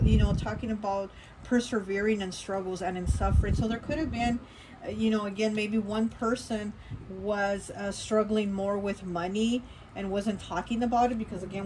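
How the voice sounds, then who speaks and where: A woman's voice: medium pitch, noisy background. Chatty woman giving a tarot reading. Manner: chatty, rambling, many fillers and restarts. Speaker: tarot reader. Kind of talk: casual tarot reading monologue.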